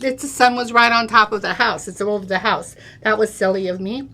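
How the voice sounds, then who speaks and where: A woman's voice: medium pitch, fairly even intonation, brisk, sharp tone. A middle-aged woman giving a chatty, step-by-step craft demonstration on a live show, checking in with "okay?" and "right?". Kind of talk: live craft product demo.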